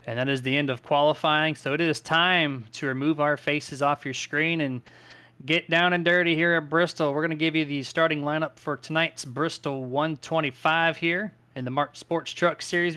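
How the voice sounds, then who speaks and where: A man commentating a simulated truck race, calling lap times and reading the starting lineup in brisk play-by-play. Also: a little high, fairly even intonation, bright, forceful tone. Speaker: sim racing commentator.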